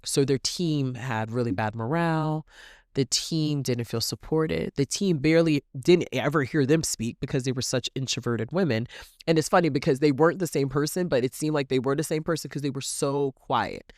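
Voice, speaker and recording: A woman with a very deep voice talks at normal speed on a motivational podcast, recorded dry with studio quality on a podcast mic. As host and coach, she speaks animatedly, acts out little quoted exchanges in different voices, and calls her listeners queens.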